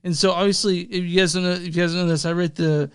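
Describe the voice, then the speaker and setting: A man's voice: high voice, level tone, fast, clean tone, dry recording, studio quality. A man co-hosting a podcast, rambling with lots of fillers, laughing easily and swearing casually. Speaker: podcast co-host and editor.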